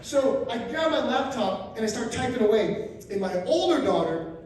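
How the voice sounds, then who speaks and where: A stand-up comic in his fifties from Florida tells crude stories, leaping into loud animated outbursts. His voice comes from some distance away in a very echoey room, with faint noise underneath. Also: very high-pitched, normal speed. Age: 50s. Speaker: stand-up comedian. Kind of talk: stand-up comedy set. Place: RV resort event room, live audience.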